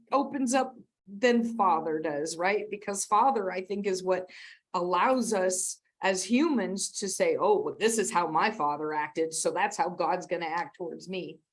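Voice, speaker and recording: A middle-aged woman giving a conversational, rambling sermon as a guest speaker, laughing often at herself. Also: lowish voice. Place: church sanctuary.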